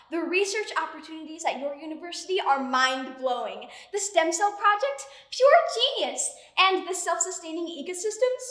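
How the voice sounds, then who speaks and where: A woman's voice: extremely high pitch, sharp tone, heavily acted. A young woman performing a monologue as an anxious young woman who rehearses for a college interview and scolds herself. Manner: frantic self-scolding, chattering to herself. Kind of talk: stage monologue. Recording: roomy echo.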